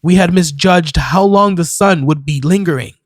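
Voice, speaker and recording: A man narrating a horror story in a measured, scripted storytelling manner. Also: a little high, dry recording, clean studio sound. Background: faint music.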